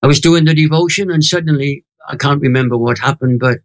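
A man's voice: on the high side, brisk. Welsh man in his eighties telling a story. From Wales. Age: 80s. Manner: animated storyteller, drops into quoted voices, emotional. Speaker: guest evangelist. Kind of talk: storytelling in an interview.

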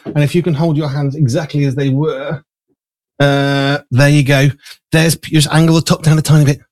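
A man's voice: a little high, little pitch movement, normal speed, a little mellow, dry recording. A man hosting a live studio chat show, rambling with fillers while eating and a bit out of breath. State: slightly out of breath. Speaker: show host. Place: small studio.

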